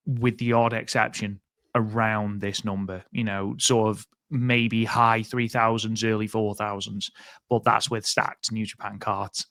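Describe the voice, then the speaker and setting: A man's voice: medium pitch, pushed and bright, no echo, studio quality. A man co-hosting a casual podcast, chatty and rambling, with many fillers and restarts. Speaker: podcast co-host.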